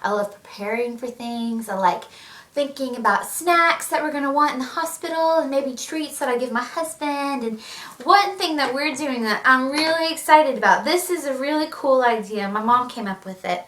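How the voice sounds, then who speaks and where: A woman's voice: high-pitched, normal speed, a bit bright. A young pregnant woman chatting animatedly in a casual vlog, laughing often. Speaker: vlogger. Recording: echoey room, mic at a distance.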